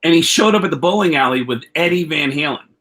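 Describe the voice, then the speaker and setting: A comedian telling a long anecdote, animated, swearing freely and jumping into quoted voices, heard over a video call. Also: male voice, on the high side, fast. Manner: animated storyteller, acts out quotes with raised voice; profane, rambling with many restarts. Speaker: comedian guest. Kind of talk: storytelling anecdote.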